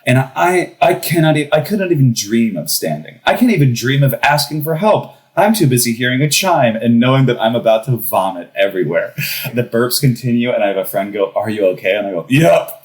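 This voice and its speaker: A young man in his thirties telling a comic personal story in a casual podcast conversation, animated and laughing as he goes. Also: medium pitch, rough recording. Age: young adult. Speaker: podcast guest.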